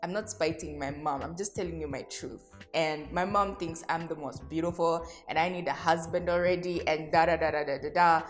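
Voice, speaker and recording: A woman's voice: deep voice, steady tone, normal speed, faint music behind. A woman hosting a solo podcast, speaking candidly and reflectively to her listeners, addressing them directly and laughing at herself. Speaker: podcast host.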